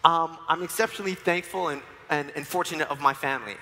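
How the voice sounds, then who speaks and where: A man's voice: fairly high pitch, fast, background noise. A man in his forties from New York giving a sermon with personal stories, told with playful humor in a church. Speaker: church speaker. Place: church sanctuary. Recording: long reverb of a church hall.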